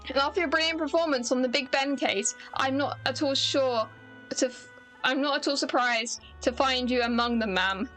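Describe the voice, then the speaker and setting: A British woman reading aloud as a jovial male police inspector, in a bright, hearty tone. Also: sits high, normal speed, faint music behind, low-quality recording.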